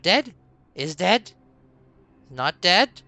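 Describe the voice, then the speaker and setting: A man voicing a small, scraggly, nervous goblin who speaks in halting, broken phrases in a hushed, shaky voice. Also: sits high, sing-song, no echo, voice pushed up, exaggerated voice. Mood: frightened. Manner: halting broken speech, stammering short phrases.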